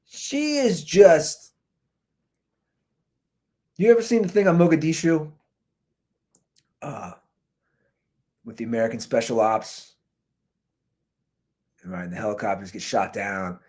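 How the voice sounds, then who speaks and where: Animated man ranting on his podcast. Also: fairly high pitch, a little slow, long pauses. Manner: animated, conversational ranting, says "dude" and "man" often. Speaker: podcast host. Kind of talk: ranting commentary. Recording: recorded through a computer mic.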